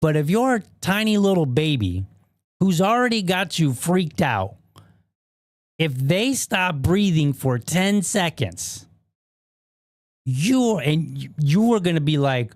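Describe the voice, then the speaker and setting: Rambling dad podcaster, dry sound. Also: male voice, a little high, lively intonation, normal speed, dry recording. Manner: rambling, self-deprecating storytelling with many fillers and restarts. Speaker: podcast host. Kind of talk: casual solo podcast monologue.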